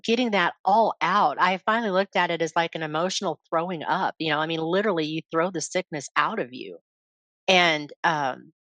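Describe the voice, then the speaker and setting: Woman guest, lowish voice, dry close sound, open and reflective. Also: fairly quick, fairly bright tone, no echo. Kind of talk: candid personal interview talk.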